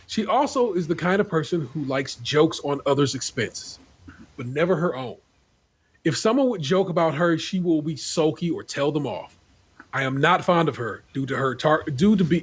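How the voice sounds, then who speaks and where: Husky, wisecracking male podcast host. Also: on the high side. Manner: laid-back, wisecracking, profane. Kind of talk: casual reading of forum posts aloud.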